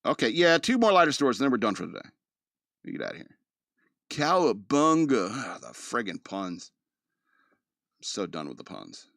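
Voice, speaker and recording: A man's voice: lowish voice, sing-song, fairly quick, vocal fry, long pauses, fairly bright tone, dry recording, studio quality. Man hosting a rambling news podcast. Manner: reads news articles aloud with joking asides; loose and rambling, with filler words. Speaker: podcast host. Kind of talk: casual news commentary podcast.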